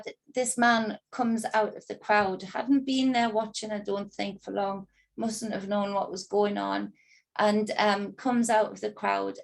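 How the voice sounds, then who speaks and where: A woman's voice: mid-range voice, gravelly. A woman telling a personal story in an agitated, indignant monologue, swearing freely. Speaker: spiritual reader recounting an ordeal.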